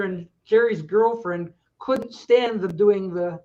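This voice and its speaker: A man hosting a live video chat with friends, chatty and animated, sometimes breaking into loud quoted voices. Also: high voice, slow pace, hardly any pauses. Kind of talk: casual group chat. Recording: dull lo-fi sound.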